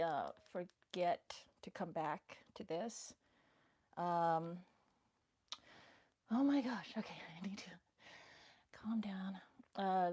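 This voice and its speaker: Speaking into a phone mic, this livestream host has a medium-pitched voice with a somewhat dark tone. She's nervous and giggly on her casual stream and whispers to herself between comments.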